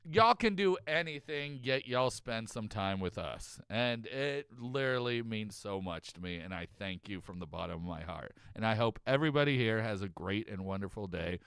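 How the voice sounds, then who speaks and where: Joking guy host w/ a bright crisp voice, dry close sound. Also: on the low side, animated, moderate pace, few pauses, no echo. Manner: loud joking, laughs often. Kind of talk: casual recap commentary.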